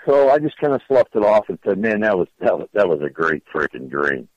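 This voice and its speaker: Deep voiced middle aged guy rambling through a story, lots of repeats, dry dull sound. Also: moderate pace, gravelly, no echo. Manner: rambling, repeats words, animated retelling. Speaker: storyteller guest. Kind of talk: casual storytelling.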